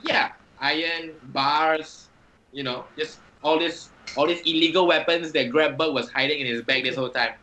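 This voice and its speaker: A man's voice: a little high, fairly even intonation, moderate pace, sharp tone, slight background noise, rough recording. A man playing a tabletop wrestling game, rambling and laughing with hesitant restarts. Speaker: player. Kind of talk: tabletop role-play.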